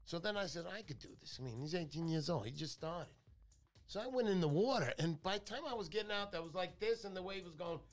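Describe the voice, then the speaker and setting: Talking fast with soft background music, a high-pitched, animated man hosts a radio talk show. His storytelling is casual and jokey, and he tends to drift off topic.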